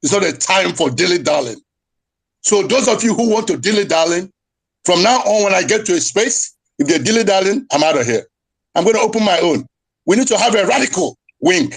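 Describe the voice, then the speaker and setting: A man's voice: high-pitched, lively intonation, brisk, gravelly, husky. Fiery, impassioned man speaking to an audio room. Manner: fiery, rising to shouting; mocks others in quoted voices. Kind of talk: impassioned speech.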